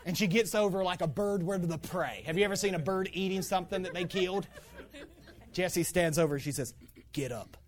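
A male pastor delivering a sermon, weaving in humorous family stories. He laughs readily and acts out the scenes with lively, animated energy. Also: high voice, brisk. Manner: animated, playful storytelling with laughter.

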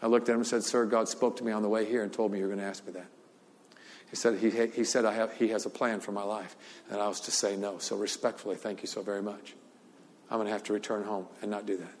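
A man's voice: on the low side, level tone, fast, slight background noise. An older man preaching a sermon, telling a story with frequent laughter and repeated words. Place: large church hall. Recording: long hall reverb.

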